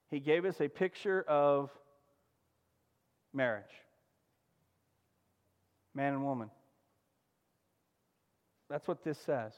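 A man preaching a sermon, emphatic and asking the congregation questions, swinging from loud exclamations down to a near-hush. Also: fairly high pitch, big-room sound, dull audio. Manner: emphatic, call-and-response preaching with sudden drops to a hush. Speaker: pastor.

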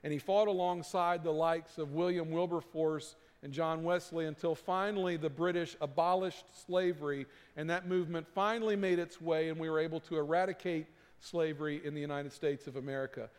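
A man preaching a sermon as pastor, swelling from hushed, slow lines to emphatic, rising calls. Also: on the high side, fairly even intonation, clear, resonant tone, in a large hall.

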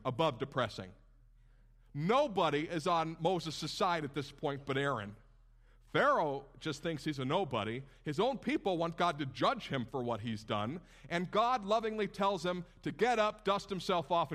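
A man gives a sermon in a fairly high voice. He preaches in an animated, conversational way and slips into casual asides to the congregation. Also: moderate pace. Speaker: pastor.

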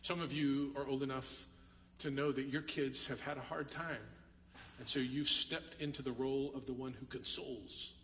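A man's voice: medium pitch, fairly even intonation, normal speed, fairly bright tone, a little hiss or hum. A man with a Texan accent preaching a sermon as pastor, earnest and repeating key phrases for emphasis, in a church sanctuary. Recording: echoey hall from far off.

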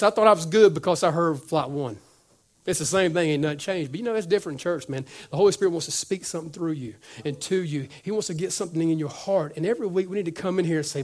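A man's voice: high voice, fast talker. A male pastor preaching a sermon, acting out little conversations and dropping to a near whisper at times. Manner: animated, acts out dialogue, drops to whispers.

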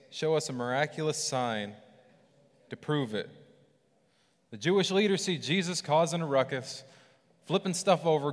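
A man preaching a casual sermon, animated and conversational, acting out scripture with lively voices. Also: mid-range voice, in a large hall.

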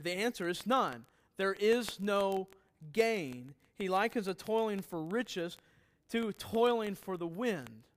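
Middle-aged man, pastor, easygoing sermon, slightly high voice, asks the room questions. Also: animated, measured pace. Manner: conversational, joking asides, quizzes the congregation. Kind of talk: sermon Bible teaching.

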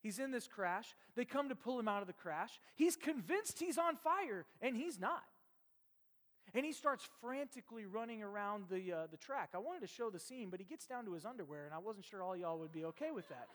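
A man preaching a sermon as pastor, telling stories with a joking, lively manner. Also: high-pitched, brisk. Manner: lively, jokey storytelling. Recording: long hall reverb.

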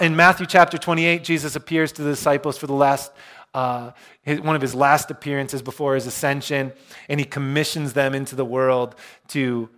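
A man's voice: medium pitch, a bit bright. Man preaching a conversational sermon. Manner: conversational storytelling with self-deprecating humor. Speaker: pastor.

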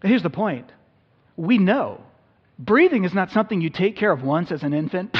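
A man's voice: a little high, expressive, brisk. A man preaching an Easter sermon as a pastor, conversational and self-deprecating with humor. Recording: dull audio in a reverberant hall.

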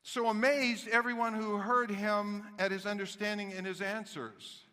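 A man preaching a sermon as pastor, animated and dramatic, dropping to a hush and then rising loud again. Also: sits high, moderate pace, in a large hall. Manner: animated, dramatic shifts between hushed and loud.

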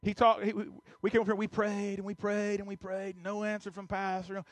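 A man's voice: high voice, completely flat delivery, brisk, dry recording. A male pastor preaching a sermon, telling a personal story before urging the congregation with rising intensity. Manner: storytelling that builds to urgent exhortation.

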